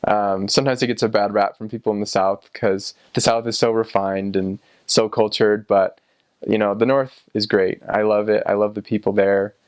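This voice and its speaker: A young man talks in an easygoing, meandering way, with a lot of ums and false starts. His voice sits a little low, and the recording is dry and close, with no room sound. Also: moderate pace, clean tone, no room sound. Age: young adult. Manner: relaxed and rambling, many ums and restarts, chuckles often. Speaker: returned missionary. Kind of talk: casual personal recollection.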